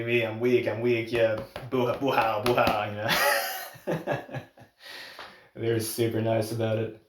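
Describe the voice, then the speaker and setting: Laid-back swearing man, roomy far-off sound. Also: on the low side. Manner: laid-back, swears freely, laughs often. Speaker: podcast host. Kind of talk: casual storytelling. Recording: roomy echo, off the mic.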